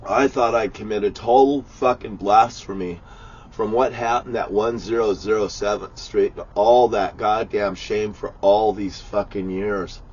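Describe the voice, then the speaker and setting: A man in an angry, profane religious rant, talking erratically and often shouting. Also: on the low side, steady tone, measured pace, breathy edge, highs cut off. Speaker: vlogger.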